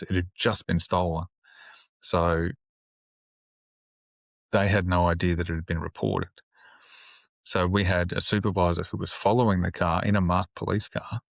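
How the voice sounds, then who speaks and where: A police officer talks through a hard memory in a relaxed interview, his voice low and flat and his manner blunt and sombre, with plenty of swearing. The sound is dry and close, with no room around it. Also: dry recording. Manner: plain-spoken, sombre, swears freely. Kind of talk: casual interview storytelling.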